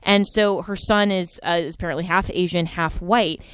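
A woman's voice: on the low side, fairly even intonation, normal speed, a bit bright, smooth, no room sound. A woman hosting a talk show, speaking in an emphatic, indignant way. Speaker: host.

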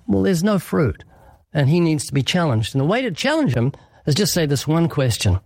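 A man's voice: on the high side, lively intonation, moderate pace, darkish tone, no echo. Earnest preaching man, dry and close. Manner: earnest, emphatic, sermon-like with acted dialogue. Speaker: evangelist guest. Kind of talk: preaching in a radio interview.

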